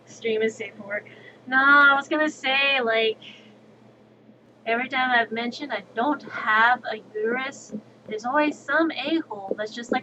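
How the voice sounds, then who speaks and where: A woman livestreamer chatting casually and outspokenly while she plays, with quick, sassy asides. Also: fairly high pitch. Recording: dull lo-fi stream audio with steady background noise.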